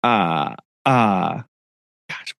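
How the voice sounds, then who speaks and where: Giggly man with a lively, bouncing voice. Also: sits low, drawn-out words, creaky, no room sound. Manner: giggly, rambling, laughs often. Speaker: podcast co-host. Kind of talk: casual chat.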